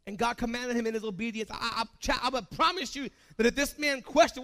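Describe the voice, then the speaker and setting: A man preaching a sermon in an animated, emphatic way, firing off rhetorical questions at the congregation. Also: extremely high pitch, fast, hardly any pauses.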